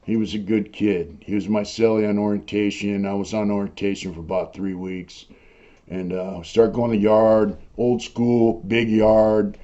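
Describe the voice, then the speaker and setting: An older man telling his own prison stories in a rough, profane, rambling way, full of fillers. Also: fairly low pitch, flat delivery, moderate pace, mellow. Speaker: host recounting prison life. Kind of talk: casual storytelling monologue. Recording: dull lo-fi recording.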